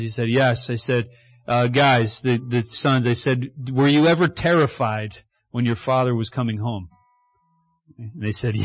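A man preaching a sermon as pastor, in a conversational style that acts out quotes and builds to excited shouts. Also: medium pitch, muffled recording.

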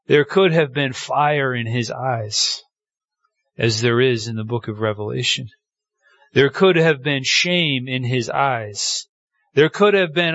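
A man's voice: dry recording, dull audio. A man preaching a sermon, telling the story with feeling and acting out the quoted lines. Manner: animated storytelling, acting out quotes with pitch swings. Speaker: pastor.

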